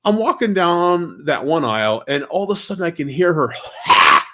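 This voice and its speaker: A man's voice: a little high, moderate pace. A man vlogging casually, telling stories with energy and answering viewers' chat comments, a little stuffy in the nose. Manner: animated storyteller, reads and answers chat comments.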